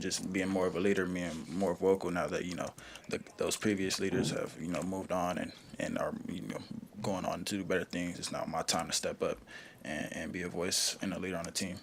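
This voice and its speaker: A young man, a college football player, answering press conference questions in a relaxed way, full of "you know" and "um". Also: deep voice, slight background noise. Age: young adult.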